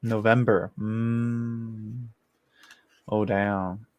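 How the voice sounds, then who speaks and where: A man's voice: on the low side, flat delivery, drawn-out words, slight background noise. A man doing a casual live-stream tarot reading, chatty and giggly, often trailing off and restarting as he talks to viewers. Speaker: tarot reader answering viewers.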